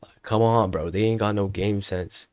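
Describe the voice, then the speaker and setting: Slangy, low-voiced young guy. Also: steady tone, normal speed, darkish tone, clear, resonant tone, no echo, clean studio sound. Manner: slangy and profane, rambling with restarts. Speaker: student storyteller. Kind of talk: casual storytelling monologue.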